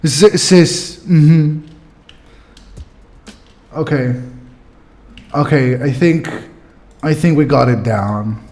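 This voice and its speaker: A man's voice: mid-range voice, very slow, long pauses, soft background music. Playful man streaming a game. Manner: playful, energetic, talks to chat. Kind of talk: game let's play with chat.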